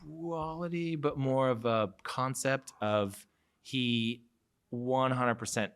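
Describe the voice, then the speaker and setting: A man's voice: mid-range voice, takes it slowly, clean tone. A man from Seattle co-hosting a live podcast, telling personal stories in a self-mocking way and laughing easily. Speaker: co-host.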